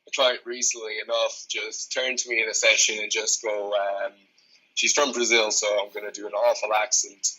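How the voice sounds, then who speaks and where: Blunt young Irish coach, husky and bright. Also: male voice, lowish voice, flat delivery, moderate pace, low-quality recording. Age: 20s. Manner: blunt, frank, swears freely. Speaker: strength coach, guest. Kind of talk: casual podcast conversation.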